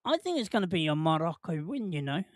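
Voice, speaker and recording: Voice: mid-range voice, very animated, quick pace, dry recording, clean studio sound. A host, chatting casually on a live watch-along stream, rambling and jokey, laughing often and putting questions to the chat.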